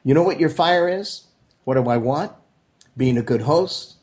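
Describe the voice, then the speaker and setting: A man, an author being interviewed, telling a story from his childhood and acting out the dialogue in lively voices. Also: on the high side, moderate pace. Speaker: author guest. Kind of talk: anecdotal storytelling.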